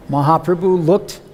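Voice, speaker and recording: Male preacher, high voice, animated storytelling lecture, long hall reverb. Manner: animated, dramatic storytelling with acted quotes. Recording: long hall reverb, faint background hum.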